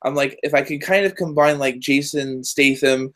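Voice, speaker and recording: A man talking as a guest in a casual interview over a video call, rambling excitedly and dropping lots of fillers. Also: mid-range voice, moderate pace. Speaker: guest, journalist and game voice actor.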